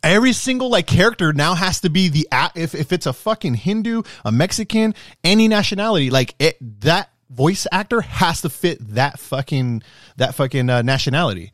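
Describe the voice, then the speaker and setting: A man in casual, profane podcast talk, ranting in an animated way and swearing often. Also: fairly high pitch, fairly quick, no room sound, clean studio sound. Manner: animated, swearing, rising to shouts when worked up. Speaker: podcast co-host.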